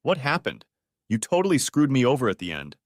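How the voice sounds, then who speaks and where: A man's voice: medium pitch, huge pitch swings, brisk, no echo, clean studio sound. A man playing a suspicious husband who questions his wife in a sarcastic, exasperated way. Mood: angry.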